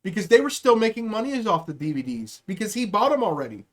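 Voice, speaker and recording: A man's voice: high-pitched, very animated, quick pace. A male comedian hosting a live-streamed podcast, ranting heatedly and swearing freely.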